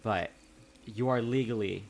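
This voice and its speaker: Halting man running a tabletop game. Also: lowish voice, vocal fry, slight background noise. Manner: casual, halting with fillers, reads letters aloud. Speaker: game master.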